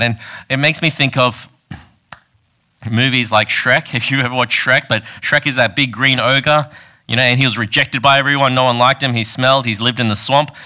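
A man's voice: mid-range voice, bright, forceful tone. A man preaching a casual, conversational sermon, retelling a Bible story and acting out its quoted lines.

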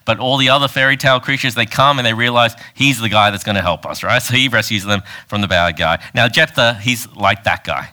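Bright-voiced male preacher. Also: medium pitch, brisk, hardly any pauses. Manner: casual, animated storytelling with quoted voices. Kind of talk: conversational sermon.

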